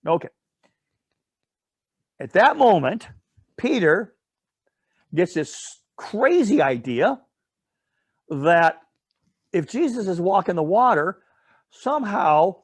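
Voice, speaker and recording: A man's voice: sits high, sing-song, slow, pauses often, breathy edge, no echo. Rambling man leading a Bible study. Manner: rambling storyteller with many asides and self-corrections; often asks "all right?" to check in with listeners. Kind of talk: casual Bible study teaching.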